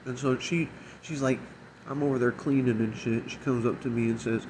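A man's voice: mid-range voice, fairly even intonation, a little fast, darkish tone, a little hiss or hum, rough recording. A man telling a long, profane story about a difficult coworker, exasperated and imitating people's voices as he quotes them. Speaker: restaurant shift manager. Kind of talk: casual storytelling rant.

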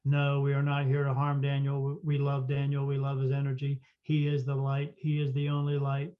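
A man voicing a flat, solemn spirit machine voice, speaking slowly. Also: medium pitch, highs cut off, natural voice.

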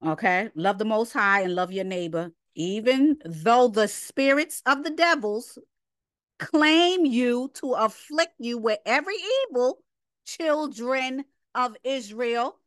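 A woman's voice: on the high side, slow, no room sound, clean studio sound. A woman giving an informal Bible lesson, emphatic and conversational, who repeats her points as rhetorical questions. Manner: conversational, drops into casual asides. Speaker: Bible teacher.

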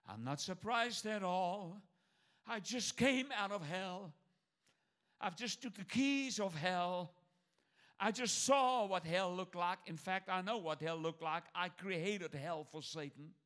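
A man preaching in the voice of a savior calmly declaring he has just come back from hell. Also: high-pitched, slow. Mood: solemn.

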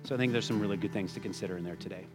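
A man's voice: sits low, very fast, over music. A man preaching a sermon in a conversational way, calling his listeners folks and acting out the quotes he reads. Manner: conversational, addresses listeners as folks, animated quoting. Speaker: pastor.

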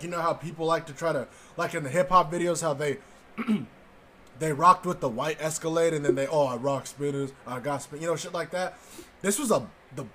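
A man's voice: on the high side, breathy edge. Young man telling a profane story. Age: 20s. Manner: profane, laughing, animated storyteller. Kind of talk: casual storytelling.

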